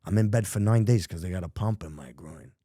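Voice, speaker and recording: A middle-aged podcast guest from New York gives a candid account of his life in emphatic, profane street talk. His voice sits low with a warm tone and runs a little fast, on a dry studio-quality recording.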